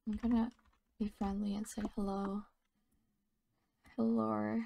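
A woman's voice: mid-range voice, little pitch movement, slow pace, vocal fry, dark tone, slight background noise. A tired woman giving casual gameplay commentary, often half-whispering and mumbling to herself. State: sleepy and tired. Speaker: gaming channel host.

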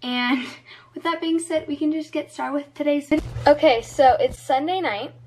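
A woman's voice: sits high, moderate pace, darkish tone. A woman chatting casually to her camera as a vlogger, her speech slightly altered by a dental retainer, upbeat and full of ums and little giggles. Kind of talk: casual vlog chat to camera. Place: at home by her closet.

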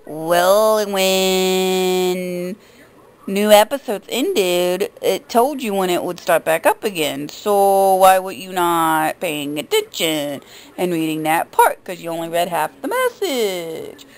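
A woman's voice: on the low side, very animated, measured pace, poor audio. A woman vlogger delivering a casual, indignant and sarcastic rant to the camera.

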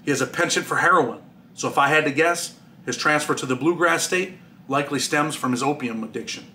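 A man's voice: on the high side, brisk, sharp tone, a little hiss or hum. A man, the author, reading his own memoir aloud in a plain storytelling way with dry asides.

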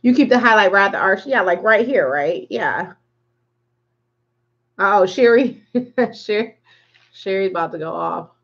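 A woman's voice: medium pitch, lively intonation, a little slow, pauses often, a bit bright, breathy edge, highs cut off. A woman hosting a live makeup tutorial, chatting casually and rambling while she greets viewers by name. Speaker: makeup livestream host.

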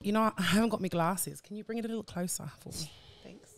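A woman's voice: medium pitch, quick pace, crowd noise, natural voice. A woman putting on a jokey Australian accent as a matey character reading a synopsis aloud. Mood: playful. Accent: put-on Australian. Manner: swearing, jokey, calls everyone mate.

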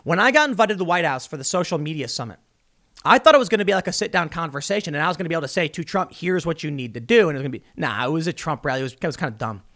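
A man hosting a political commentary vlog, talking casually with animated sarcasm. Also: a little high, rapid-fire. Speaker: host.

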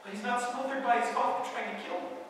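A man's voice: very high-pitched, steady tone, quick pace, fairly bright tone, a little hiss or hum. A male pastor preaching a sermon and retelling a story dramatically, speaking directly to his listeners, recorded from a distance in a church hall.

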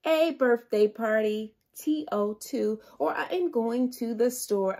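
A woman's voice: a little high, very animated, slow pace, warm tone. A woman teacher leading children's circle time, speaking in a sing-song way to small kids before reading a storybook aloud. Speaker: preschool teacher.

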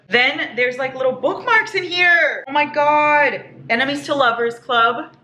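A woman vlogging a casual haul, gushing and excitable, squealing over each item. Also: high voice, normal speed. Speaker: book vlogger. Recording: echoey room with faint hiss.

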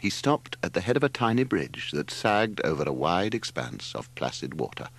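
An older man reading a novel aloud as audiobook narrator, in an expressive storytelling manner. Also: moderate pace, breathy edge. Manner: expressive storytelling, wide swings in pitch. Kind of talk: scripted narration.

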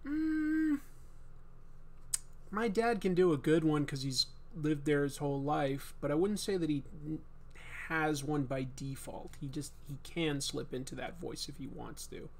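Relaxed, rambling man streaming while drawing. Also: on the high side, moderate pace, gravelly. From Massachusetts, US. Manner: relaxed and rambling, with many fillers. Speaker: livestream host and artist. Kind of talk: casual chat while drawing.

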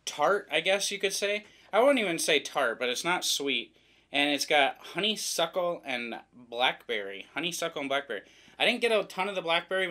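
Pitched fairly high, his voice comes across pushed and bright. The speaker is a Midwestern American vlogger reviewing products, chatting loosely through an unboxing and cracking self-mocking jokes along the way.

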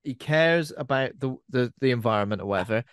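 A man's voice: medium pitch, animated, brisk, clear, resonant tone, no echo, clean studio sound. A man co-hosting a casual podcast, chattily retelling a horror film's plot with lots of fillers. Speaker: podcast co-host. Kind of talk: casual film discussion.

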